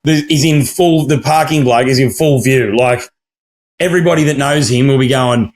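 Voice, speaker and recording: A man's voice: mid-range voice, normal speed. An Australian man co-hosting a podcast, telling stories in a sweary, ranting way and acting out the people he quotes. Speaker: podcast co-host. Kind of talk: casual chat.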